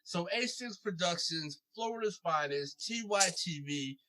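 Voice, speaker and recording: Male podcast host, high bright voice, casual street talk. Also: expressive, a little slow. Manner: hypey intros, calls guest bro and dog.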